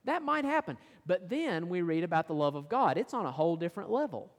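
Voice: medium pitch, sing-song, fairly quick. Preacher, sermon, mid-range voice, rhetorical questions, reads scripture, reverberant hall. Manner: asks the listeners rhetorical questions; reads and explains scripture verses.

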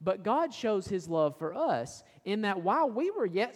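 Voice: medium pitch, big pitch swings, a little slow, few pauses. Preacher in a long reverberating hall. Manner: asks the listeners rhetorical questions; reads and explains scripture verses. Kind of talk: sermon.

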